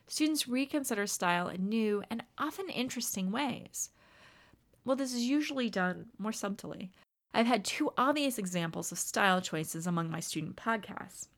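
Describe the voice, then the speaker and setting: A woman instructor reads a scripted academic lecture in a measured, even manner. Her voice has a noticeable gravelly fry. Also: mid-range voice. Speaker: writing instructor.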